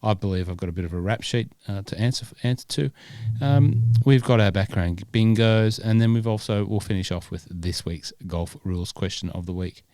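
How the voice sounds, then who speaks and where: A man's voice: fairly low pitch, normal speed, darkish tone, no echo, clean studio sound. A man, born in Scotland, hosting a golf podcast in rambling casual chat full of fillers and restarts. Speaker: podcast host.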